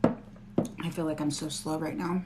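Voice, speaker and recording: A woman's voice: low-pitched, flat delivery, measured pace, very noisy. Reassuring woman reading tarot live. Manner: reassuring, chatty with viewers. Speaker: tarot reader.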